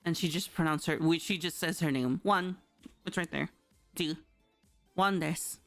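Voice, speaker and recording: A woman with a low, smooth and clear voice teaches on a casual livestream. She talks loosely, packing her lines with fillers and a checking "right?". Faint music plays underneath. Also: moderate pace. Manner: chatty, loose, full of fillers and rhetorical "right?". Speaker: streamer teaching Japanese. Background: soft background music.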